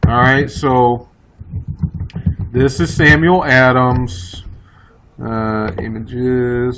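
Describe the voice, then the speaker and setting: A man teaching history in a casual, chatty way, often voicing quick asides for the people he talks about. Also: medium pitch, fairly bright tone, a little hiss or hum, poor audio. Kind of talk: recorded classroom lecture.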